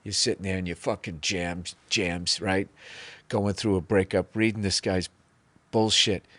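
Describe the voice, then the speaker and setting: A man's voice: deep voice, little pitch movement, measured pace, fairly bright tone, no room sound. A man hosting a podcast, ranting sarcastically with lots of swearing. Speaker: podcast host. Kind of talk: comedic rant.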